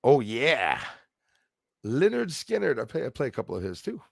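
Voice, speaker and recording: A man's voice: medium pitch, huge pitch swings, moderate pace, vocal fry, slightly rough, dry recording, studio quality. A man, hosting a casual livestream, chatting along and thanking viewers by name. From Canada. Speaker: livestream host. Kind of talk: casual livestream chat, reading viewer comments.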